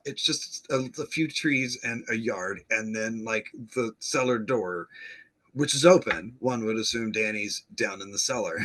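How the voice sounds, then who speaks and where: A man's voice: medium pitch, pushed and bright. A male podcast host chattily recapping an episode, laughing often and acting out the characters' lines.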